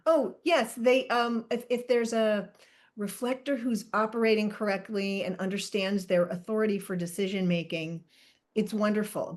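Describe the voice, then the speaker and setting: A woman co-hosting a podcast in casual chat, talkative and often laughing as she wanders off track. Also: medium pitch. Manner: chatty, laughs often, self-interrupting. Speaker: podcast co-host.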